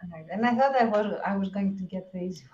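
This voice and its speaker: A woman's voice: mid-range voice, fast, a little mellow. A woman co-hosting a casual podcast, easygoing and giggly. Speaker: podcast co-host. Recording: dull lo-fi audio.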